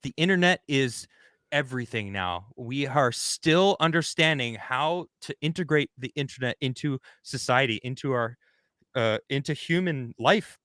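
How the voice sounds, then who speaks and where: A man hosting a casual podcast chat, talking in an animated, rambling way and acting out the people he quotes. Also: medium pitch, normal speed, clean tone, no echo, studio quality. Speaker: host.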